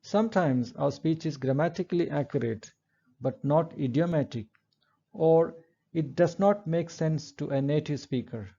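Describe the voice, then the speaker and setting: A man giving a recorded English lecture, explaining step by step in a measured way and reading example sentences aloud. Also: fairly high pitch, vocal fry, mellow, muffled recording.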